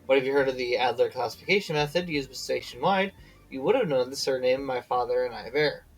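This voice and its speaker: A man's voice: medium pitch, fairly quick, low-quality recording. A tired man streaming a game, reading its dialogue aloud with slips and self-corrections, breaking off to chat and yawning.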